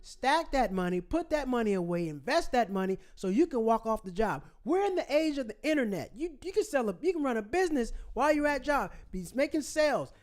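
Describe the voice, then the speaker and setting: A man's voice: very high-pitched, very animated, fairly quick, hardly any pauses. A man hosting his own channel, ranting in a fired-up, preachy way and repeating phrases for emphasis. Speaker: channel host. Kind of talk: ranting commentary vlog.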